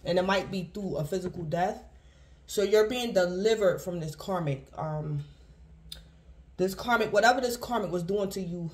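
Rambling woman giving a tarot reading. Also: on the low side. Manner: rambling and repetitive, addresses the collective; speaks in loose restarts, circling back to one point. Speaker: tarot reader. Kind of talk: casual tarot reading to viewers.

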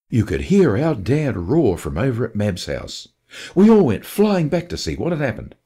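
A man presenting on radio and reading a short story aloud in an expressive storytelling manner. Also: medium pitch, moderate pace, breathy edge.

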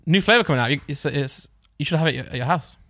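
Fast-talking young man. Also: a little high, expressive, sharp tone, dry recording, clean studio sound. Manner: chatty storytelling with laughs and restarts. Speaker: podcast co-host. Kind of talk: casual chat.

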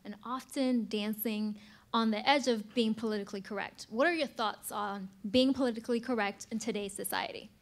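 A woman's voice: a little high, steady tone, normal speed. A woman reporter introducing herself and asking a prepared question at a press conference.

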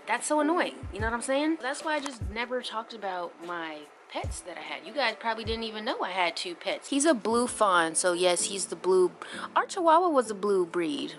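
A young woman who has just woken up vlogs casually to her viewers in a sing-song voice at normal speed, chatty and informal. She switches to high baby talk for her puppy, and there's slight background noise.

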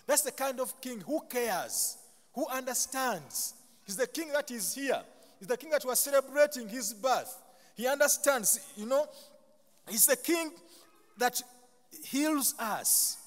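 A man from Buganda with a Ugandan accent, preaching a sermon in call-and-response style, leaving sentences open for the congregation to finish and adding humorous, self-deprecating asides. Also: very high voice. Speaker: pastor. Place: chapel. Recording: long chapel reverb.

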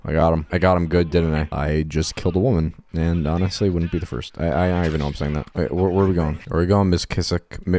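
A man's voice: deep voice, a little mellow. A young man giving casual, sweary, self-deprecating commentary while playing a video game, rambling and laughing at his own jokes. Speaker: gaming YouTuber.

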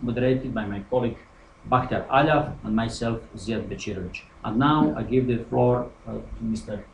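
A man's voice: mid-range voice, creaky, a little mellow. Man formally introducing a lecture. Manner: formal, reading a prepared introduction. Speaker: host introducing a speaker. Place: lecture hall. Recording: echoey hall with faint noise.

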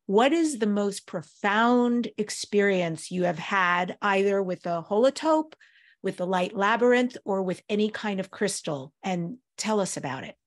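A woman's voice: medium pitch, expressive, measured pace. A woman hosting an interview, asking her guest questions in an eager, curious way. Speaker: podcast host. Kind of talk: interview conversation.

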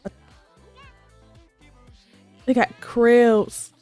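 A woman hosting a reaction video, gushing with excited, squealing exclamations and repeating herself, a little sleepy because it is late at night. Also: on the high side, very slow, no echo, faint music behind. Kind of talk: excited casual reaction commentary.

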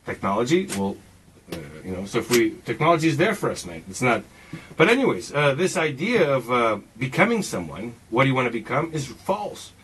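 A man's voice: mid-range voice, big pitch swings, a little fast, a bit bright, a little hiss or hum, low-quality recording. A man in his forties in a casual, rambling monologue, swearing often and talking emphatically as he philosophizes, calling the listener "man". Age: 40s. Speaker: speaker sharing personal views.

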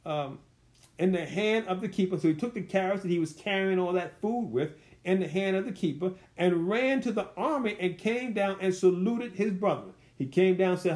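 A man's voice: high-pitched, normal speed, a little mellow. A man leading a verse-by-verse Bible study, teaching in a loose, conversational way and putting rhetorical questions to his listeners. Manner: loose, colloquial phrasing.

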